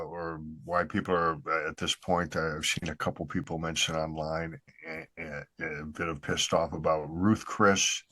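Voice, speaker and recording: A man co-hosting a podcast, talking in an easygoing, halting way with lots of fillers. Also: low voice, pushed and bright, no room sound. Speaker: podcast co-host. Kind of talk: casual chat.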